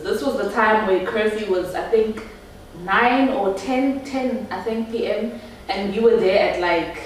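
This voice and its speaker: A woman's voice: medium pitch, slight background noise. A young South African woman telling a storytime vlog, chatty and laughing as she talks straight to her viewers. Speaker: YouTuber. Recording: echoey room, voice from a distance.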